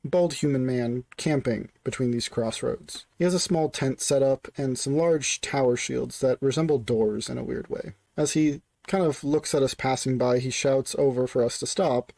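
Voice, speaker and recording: A man's voice: mid-range voice, moderate pace, gravelly, hardly any pauses, warm tone, dry recording. Young guy recapping his tabletop game, chill and rambly, dry close sound. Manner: casual, filler-heavy.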